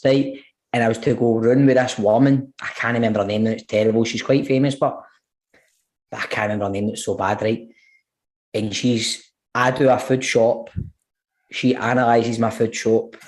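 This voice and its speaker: A man's voice: medium pitch, darkish tone. A middle-aged man with a Glaswegian accent telling a funny story on a podcast, swearing and laughing, with "right?" after every line. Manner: profane, laughing, tag questions "right? man". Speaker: podcast co-host. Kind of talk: casual storytelling chat.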